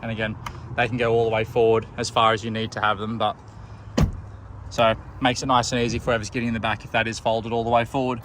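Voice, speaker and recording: A man with an Australian accent, a car salesman giving a relaxed walkaround tour of a vehicle, pointing out features as he goes. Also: on the low side, quick pace, background noise. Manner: relaxed, plain-spoken, pointing things out as he goes. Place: outdoors around a car, then inside it.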